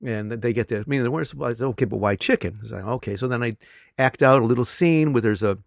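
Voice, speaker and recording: A middle-aged man, a teacher, telling classroom stories in casual conversation, animated and laughing often. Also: mid-range voice, fast, gravelly, no room sound, clean studio sound. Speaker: English teacher.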